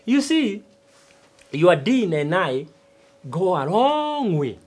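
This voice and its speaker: A boastful stubborn old farmer. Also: male voice, high-pitched, full character voice. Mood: self-important. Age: older. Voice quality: animated, drawn-out rhetorical asides. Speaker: substitute teacher. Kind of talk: TV sitcom acting.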